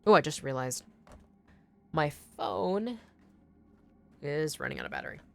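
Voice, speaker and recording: A woman's voice: low-pitched, animated, a little slow, gravelly, a bit bright, faint music behind. A young woman streaming a video game, chatting casually, thinking aloud and answering her chat. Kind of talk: casual gameplay commentary.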